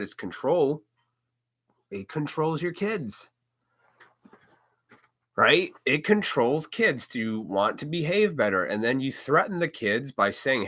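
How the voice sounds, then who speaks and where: A man's voice: mid-range voice, fairly bright tone. A man hosting a live stream, talking bluntly and with plenty of profanity in a ranting monologue.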